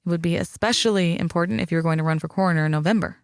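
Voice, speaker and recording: A man's voice: a little high, rapid-fire, clear, resonant tone, no room sound, studio quality, natural voice. A man playing a guarded, powerful father. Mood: dry.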